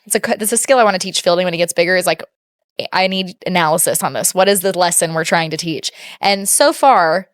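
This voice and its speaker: A woman's voice: on the low side, fast talker, no echo, studio quality. A young woman co-hosting a casual podcast chat, playful and rambling as she muses aloud. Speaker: podcast co-host.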